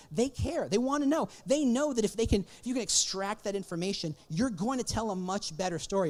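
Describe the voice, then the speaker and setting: Lively, teasing male conference speaker. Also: high voice. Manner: wry, teasing the audience, rhetorical questions. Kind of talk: keynote talk. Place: conference stage.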